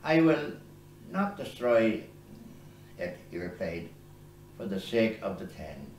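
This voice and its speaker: A man, a priest reading scripture aloud at Mass, in a slow, deliberate way with small slips and self-corrections. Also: lowish voice, sing-song, darkish tone. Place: small chapel oratory indoors. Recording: echoey chapel with faint background hiss.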